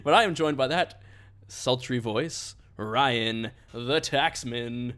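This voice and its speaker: A man's voice: mid-range voice, slow, a bit bright, smooth. A man hosting a casual podcast chat, joking and laughing often. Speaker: podcast host.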